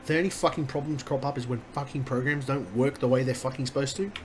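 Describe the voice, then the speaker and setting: Against noisy room sound, a man streaming games live rants at a fast clip. His voice is medium-pitched with fairly even intonation, and he swears constantly while muttering in frustration, all in a casual live-stream rant.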